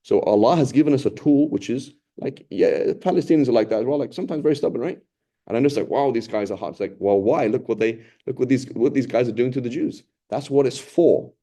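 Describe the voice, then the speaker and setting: A man's voice: mid-range voice, fast talker. A man teaching a Ramadan Quran lesson in a conversational, emphatic way, asking rhetorical questions and acting out what people say. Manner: acts out quoted people in lively voices.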